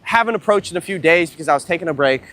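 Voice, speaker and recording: A young man livestreaming a casual vlog outdoors at a beach, talking into a handheld phone while walking, telling rambling stories in a profane, excitable way. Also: a little high, rapid-fire. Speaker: dating coach livestreamer.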